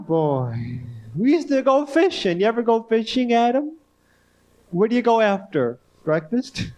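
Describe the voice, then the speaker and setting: A man with a high, reedy voice doing stand-up in a comedy club, speaking into a handheld stage mic. He drawls in odd, halting pauses and then jumps into sudden squeaky peaks. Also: a little mellow. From northern United States.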